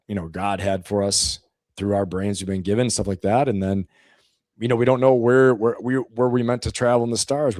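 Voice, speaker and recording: A man on a casual panel, talking in a thoughtful, halting way and restarting his phrases. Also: lowish voice, no room sound, studio quality. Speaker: panel guest.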